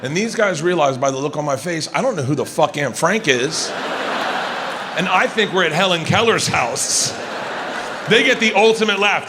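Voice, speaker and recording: A man in his fifties telling stand-up stories on stage, loud and swinging between low asides and shouted high bursts. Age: 50s. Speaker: stand-up comedian. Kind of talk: stand-up comedy storytelling. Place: large arena on stage. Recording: live show with clear crowd noise. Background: audience laughter.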